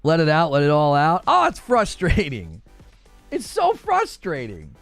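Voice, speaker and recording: A man rants in a heated, sarcastic gaming podcast. His voice sits high and swoops all over as he vents. The sound is dry and close, with faint music underneath. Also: wildly swooping pitch, a little slow, vocal fry, dry recording. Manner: exasperated, ranting, sarcastic. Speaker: gaming news co-host.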